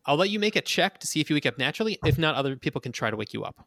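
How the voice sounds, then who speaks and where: A man running a tabletop game, narrating and explaining the rules in a loose, rambling way. His voice is bright and forceful, recorded close and dry. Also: on the high side, big pitch swings, racing, dry recording. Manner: casual, rambling with fillers. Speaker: game master.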